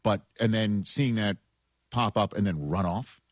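A man hosting a relaxed interview conversation and tossing in jokes. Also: fairly low pitch, unhurried, no echo, clean studio sound. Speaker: host. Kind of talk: casual interview chat.

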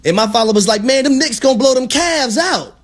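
A man's voice: very high-pitched, expressive, fairly quick. A man co-hosting sports talk radio, telling stories with an exuberant, preachy delivery and playful quotes.

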